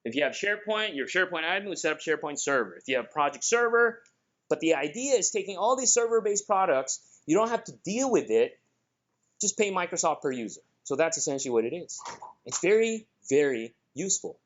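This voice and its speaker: A man with a Filipino accent and a fairly high voice works a conference room, joking and tossing questions straight at his listeners. His delivery is brisk and animated. The recording is somewhat muffled and lo-fi. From Philippines. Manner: energetic, joking, addresses the audience directly. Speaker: conference speaker. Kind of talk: lively conference presentation.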